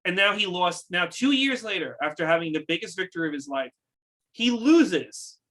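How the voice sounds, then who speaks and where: A man's voice: high-pitched, animated, normal speed, a bit bright. A man co-hosting a casual wrestling recap show, ranting in an exasperated, profane way and repeating his points. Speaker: podcast co-host.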